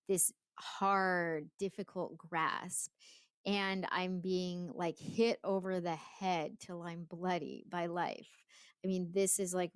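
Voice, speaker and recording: A woman with a low, smooth voice talks through a poem for her class. She keeps it casual and chatty, with lots of fillers and small laughs. The sound is dry and close. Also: dry recording. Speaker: English teacher. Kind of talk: casual poetry lesson.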